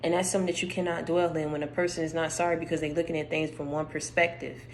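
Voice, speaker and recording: A woman delivering a spiritual encouragement message, speaking emphatically and straight to the listener, repeating her points, with her voice going hoarse. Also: low voice, little pitch movement, fast, a little hiss or hum, rough recording. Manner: emphatic, repeats phrases, addresses listener directly. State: losing her voice.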